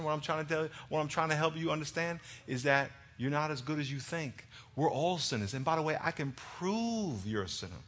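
Brief: male pastor, high-pitched, sermon delivered with plain-spoken passion and humor. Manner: impassioned, swinging between hushed and loud emphatic delivery.

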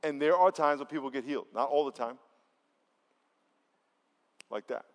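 A man's voice: mid-range voice, normal speed, big-room sound. A man preaching a sermon as pastor at a church service, talking conversationally and emphatically and leading the congregation in call-and-response.

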